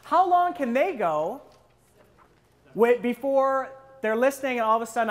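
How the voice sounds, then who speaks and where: A man's voice: sing-song, moderate pace. Man quizzing a workshop audience. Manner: interactive, quizzes the audience with questions; acts out listeners' inner thoughts in a lower voice. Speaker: presentation skills trainer. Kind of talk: live workshop talk to an audience.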